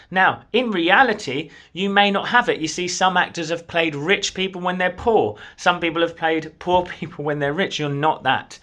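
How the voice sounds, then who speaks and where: Male coach, motivational to camera, encouraging and direct, bright tone, a little high. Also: moderate pace, hardly any pauses. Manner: earnest, encouraging, speaks straight to the viewer. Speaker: manifestation coach. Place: at a desk in his own room.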